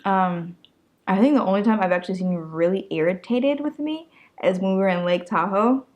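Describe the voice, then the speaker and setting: A young woman co-hosting a casual chat with her husband, playful and animated, teasing him. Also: mid-range voice, brisk. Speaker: co-host, wife.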